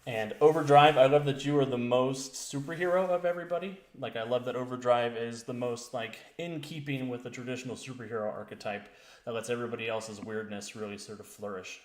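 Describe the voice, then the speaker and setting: A man's voice: mid-range voice, a little fast. Upbeat male game master for a tabletop stream, recorded with some room echo. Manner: enthusiastic, laughing often. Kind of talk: tabletop role-play stream intro. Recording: roomy echo.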